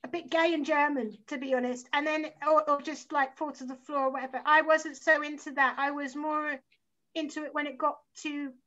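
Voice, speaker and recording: A woman's voice: high voice, fairly even intonation, moderate pace, fairly bright tone. A woman in her forties with a London accent, a guest chatting in a rambling, sweary, enthusiastic way. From South London, England. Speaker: guest musician. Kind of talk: casual chat. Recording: slightly muffled lo-fi sound.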